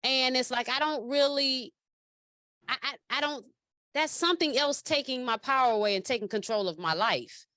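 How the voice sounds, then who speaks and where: Female host, a bit high-pitched, halting questions, dry close recording. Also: sharp tone, dry recording. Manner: hesitant, searching for words. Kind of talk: casual interview conversation.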